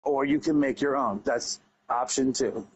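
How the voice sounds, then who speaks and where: A man's voice: medium pitch, measured pace, breathy edge, dull audio. A man who runs an online wrestling league, talking casually and earnestly as a podcast guest, emphatic and rambling with restarts.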